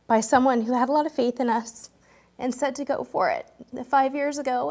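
A woman in her forties, a cruise vlogger, chatting warmly and emotionally to viewers during a live stream, choked up at times. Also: high voice, fairly even intonation, fairly quick, gravelly. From California, US. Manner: chatty, gushing, talks straight to viewers in the chat.

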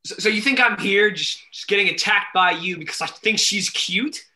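A young man playing a flustered high school jock boyfriend on stage, stammering defensively. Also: normal speed, sharp tone. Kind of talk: stage play acting.

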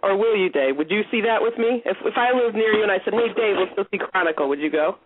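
A man hosting a casual call-in radio chat, excitable and giggly, with many filler words. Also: high voice, fast, a little hiss or hum. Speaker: host. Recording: tinny phone-line sound.

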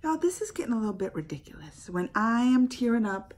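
A woman's voice: a little high, very animated, quick pace, darkish tone. A woman hosting a casual reaction vlog, gushing emotionally to her viewers and often dropping to a whisper. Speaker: YouTube reaction host.

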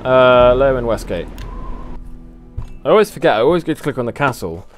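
Over soft background music, a young gaming channel host talks through a video game in a brisk, animated, mid-range voice. His let's play commentary is rambling and casual, full of swearing, self-mockery and frequent laughter.

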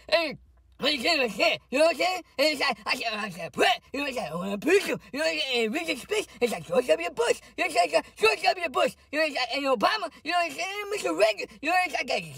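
A man's voice: very high voice, vocal fry, pushed and bright, no echo, clean studio sound, recorded from a distance, exaggerated voice. A man voicing a drunk, indignant older female politician who rambles and keeps repeating "it's like" and "okay". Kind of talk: comedic parody rant.

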